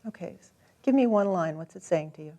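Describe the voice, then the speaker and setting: A woman coaching a client through a tapping session, calm, encouraging and gently directive. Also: fairly low pitch, fairly quick.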